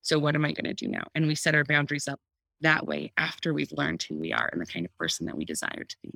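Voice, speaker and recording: A woman talks animatedly on a podcast in a bright, slightly low voice, laughing now and then and acting out her own inner thoughts. The sound is dry and close to the mic. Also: huge pitch swings, fast talker, gravelly, no echo. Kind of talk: casual conversational podcast talk.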